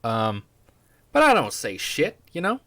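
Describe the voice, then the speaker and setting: A man's voice: fairly high pitch, huge pitch swings, measured pace, a bit bright. A man hosting a podcast, talking casually in a rambling, profane, laid-back way. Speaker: podcast host. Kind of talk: casual chat.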